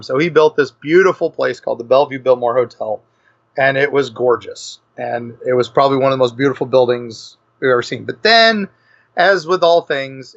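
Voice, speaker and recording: A man with a medium-pitched, fairly bright voice appears as a guest author on a casual podcast, telling a rambling and enthusiastic story. The podcast audio is lo-fi and dull.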